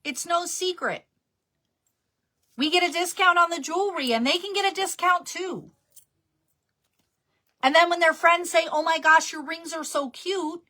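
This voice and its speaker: Bright, high-voiced New Jersey woman. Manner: chatty, laughing, self-deprecating. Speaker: jewelry business guest speaker. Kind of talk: casual live-stream talk.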